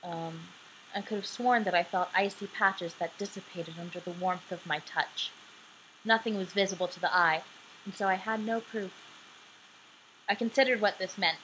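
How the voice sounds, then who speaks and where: A young woman in her twenties reads a story aloud at home late at night, sleepy and relaxed, with chatty asides. Her voice is on the low side. A laptop mic catches her along with a faint hiss. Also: normal speed, low-quality recording. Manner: sleepy, casual and apologetic between passages. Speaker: audiobook reader. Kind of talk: homemade audiobook reading with chatty asides. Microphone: laptop microphone.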